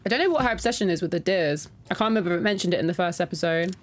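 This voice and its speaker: A woman with a slightly low voice gives casual gameplay commentary, chatting with her viewers and reacting as she goes. She reads in-game notes aloud in an easy, unpolished way. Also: expressive, racing. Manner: talks to her viewers directly. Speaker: gaming content creator. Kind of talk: casual let's-play commentary.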